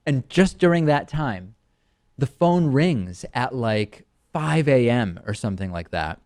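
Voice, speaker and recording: A man's voice: mid-range voice, very animated, a little slow, darkish tone, no echo, clean studio sound. A male host in casual chat, asking questions and telling his own story. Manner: conversational, asks probing questions then retells a story.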